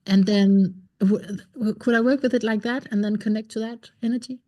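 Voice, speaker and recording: A woman's voice: medium pitch, steady tone, moderate pace, mellow. A woman hosting a podcast interview, asking curious, probing questions. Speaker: podcast host.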